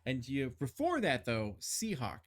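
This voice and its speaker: A man narrates a tabletop game as its game master, talking in a loose, rambling way full of fillers and restarts. His voice sits at a middling pitch. He sets scenes and asks the players for rolls. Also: huge pitch swings, measured pace.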